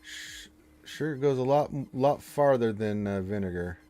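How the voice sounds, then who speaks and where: A man's voice: medium pitch, lively intonation, measured pace, warm tone. A man hosting a casual live game stream, reading the chat aloud and teasing viewers with mock-stern playfulness.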